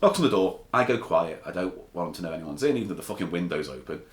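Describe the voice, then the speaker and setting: A man hosting a podcast, telling stories in a casual, animated chat and swearing freely. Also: low voice, fast. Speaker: podcast host. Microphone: table mic. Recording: echoey room, faint noise.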